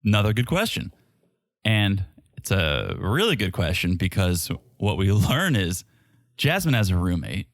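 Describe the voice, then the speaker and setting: Here a deep-voiced man speaks at a measured, sing-song pace, co-hosting a podcast that recaps a reality show. His casual remarks carry a sarcastic, wry edge, and the studio recording is clean, with no room sound.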